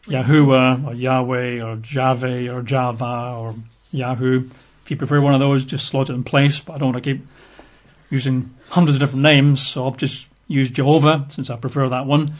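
A man's voice: mid-range voice, flat delivery, normal speed. A man giving an opinionated, plain-spoken talk with wry asides. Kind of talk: casual talk to camera.

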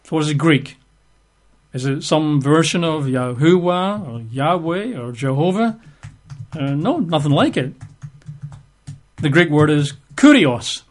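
A man leads a Bible study with a voice pitched a little high. He works through the text methodically, spells out words letter by letter and adds emphatic rhetorical asides. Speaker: Bible teacher.

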